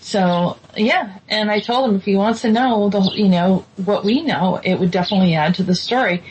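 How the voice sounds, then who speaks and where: A woman's voice: medium pitch, normal speed, darkish tone. A woman hosting a casual talk show, speaking hesitantly with many ums and restarts. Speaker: host. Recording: dull lo-fi sound with faint noise.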